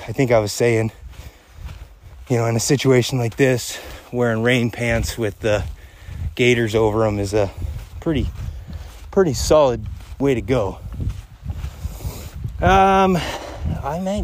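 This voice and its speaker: A man's voice: mid-range voice, a little mellow, slight background noise. A man hosting a casual podcast while walking uphill outdoors, a little out of breath, rambling, joking and swearing freely. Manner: crude, profane, joking and rambling. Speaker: podcast host. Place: outdoors on a hunting trip.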